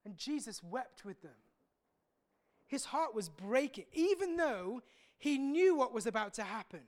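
A man preaching a sermon as a pastor, earnest and reflective, pausing often and repeating words as he speaks. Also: extremely high pitch.

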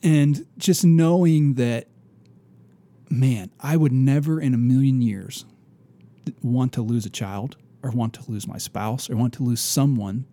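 A man co-hosting a casual faith podcast, telling a story earnestly with many restarts and soft, trailing asides. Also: mid-range voice, a little slow. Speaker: podcast co-host.

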